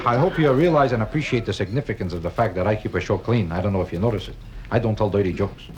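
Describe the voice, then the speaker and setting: A man doing stand-up comedy on a nightclub stage, with a deadpan, kvetching, sing-song delivery. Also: fairly low pitch, quick pace. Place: nightclub stage before a live audience. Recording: 1962 live album with audience noise.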